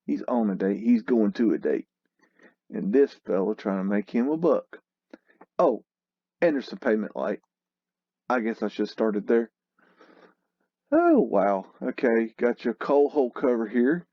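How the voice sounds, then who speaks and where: Slow, scoffing man in a dry, dull recording. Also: mid-range voice, sing-song, no room sound. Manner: scoffing, exclamatory, mocking. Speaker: host. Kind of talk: casual commentary over old photos.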